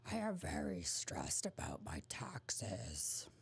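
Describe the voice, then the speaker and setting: A woman voicing a grim, brooding masked male superhero in a low, gravelly whisper. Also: wildly swooping pitch, slow, heavily acted.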